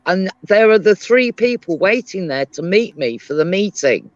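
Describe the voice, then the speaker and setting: A British woman chatting casually on a live stream, telling animated stories. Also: medium pitch, normal speed, no room sound. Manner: animated storyteller, lively voice. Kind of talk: casual chat. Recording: dry, dull lo-fi stream audio.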